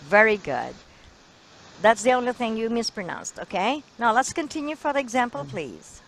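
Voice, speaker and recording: A woman with a fairly high, very lively voice guides a student through an English lesson on a video call. She praises often and corrects pronunciation patiently. A faint hum sits behind her. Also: moderate pace, gravelly, poor audio. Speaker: English teacher.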